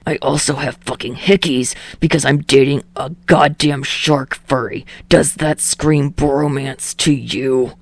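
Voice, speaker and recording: A woman's voice: extremely low pitch, fairly even intonation, measured pace, hardly any pauses, dry recording, pitched below the performer's own voice, exaggerated voice. A woman voicing a foul-mouthed, furious teenage boy student hero in a podfic reading, blunt and crude. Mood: irritated. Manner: crude, blunt, shouting in anger.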